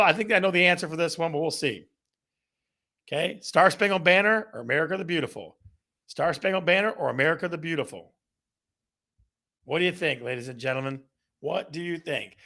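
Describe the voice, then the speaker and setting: A man hosts a casual livestream from a home studio, his voice sitting a little high with a gravelly edge. He keeps things upbeat and playful, reading out viewers' chat comments as he goes. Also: a bit bright. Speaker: host of a real estate live show.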